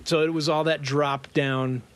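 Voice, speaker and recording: A man co-hosting a podcast in casual chat, telling anecdotes in an animated way and laughing through them. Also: on the high side, unhurried, clear, resonant tone. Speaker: podcast co-host.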